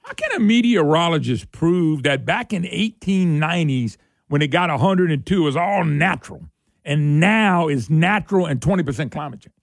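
Man, talk radio host, sarcastic, high voice that leaps around, dry close sound. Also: expressive, moderate pace, gravelly, dry recording. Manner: sarcastic, laughs often, voice jumps high when mocking. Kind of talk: opinionated political talk.

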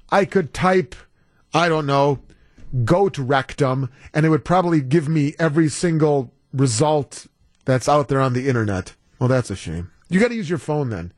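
A man's voice: a little high, no room sound. A male radio talk show host chatting casually into a studio microphone, rambling off on tangents and reading listener texts.

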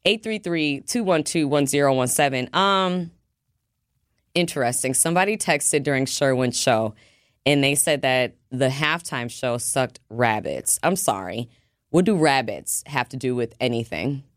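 A woman hosting a radio show, talking in a chatty, teasing, animated way. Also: a bass voice, measured pace, no echo, studio quality. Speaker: radio host. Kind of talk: casual radio talk.

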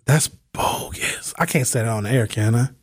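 A man hosting a radio talk show, speaking casually and telling stories in slangy, animated speech. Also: mid-range voice, normal speed, husky, no room sound, clean studio sound. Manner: animated storytelling, slangy, reads listener texts. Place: radio studio. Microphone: studio microphone.

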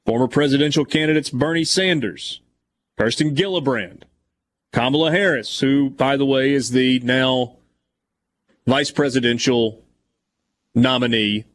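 A man's voice: medium pitch, measured pace, long pauses. A man hosting a sports talk show who reads news passages aloud and then adds casual comments. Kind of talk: reading news and discussing on air.

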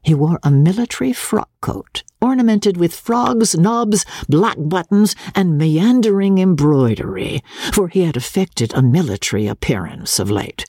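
Brief: theatrical audiobook narrator, lively swooping pitch, breathy tone, dry close mic. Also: measured pace, no room sound. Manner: theatrical, varied reading with soft chuckles. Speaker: audiobook reader. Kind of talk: expressive classic-novel narration.

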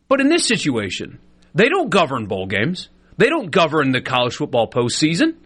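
Emphatic Southern male co-host, high voice swinging widely, fires off rhetorical questions. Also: wildly swooping pitch, normal speed, fairly bright tone, breathy edge. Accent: Southern American. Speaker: sports talk radio co-host. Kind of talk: sports talk radio.

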